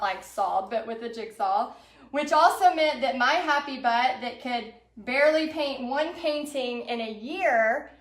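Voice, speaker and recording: Woman painting teacher, high voice, expressive storyteller who acts out her own thoughts, echoey room sound. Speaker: painting instructor. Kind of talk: personal storytelling to viewers.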